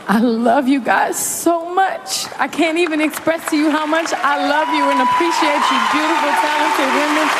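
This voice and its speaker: Woman, emotional thanks, slightly high voice, loud crowd noise. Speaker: award recipient. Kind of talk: acceptance speech. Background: loud cheering crowd.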